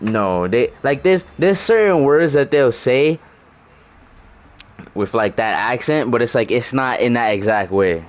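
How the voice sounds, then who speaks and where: A man's voice: mid-range voice, animated, a little slow. A young man giving casual gameplay commentary, trash-talking loosely and rambling with restarts. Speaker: gaming streamer.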